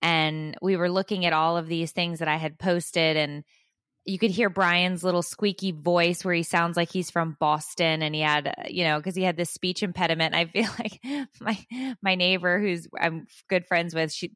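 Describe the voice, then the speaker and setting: A woman's voice: fairly low pitch, steady tone, normal speed, a bit bright, dry recording, studio quality. A woman in her forties co-hosting a podcast, chatting casually and rambling with frequent laughs. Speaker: podcast co-host. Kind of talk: casual chat.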